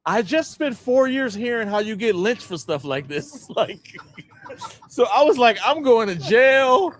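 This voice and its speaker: A man, a sports columnist telling a story in casual chat, animated and laughing as he acts out quotes. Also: high voice, measured pace, slight background noise.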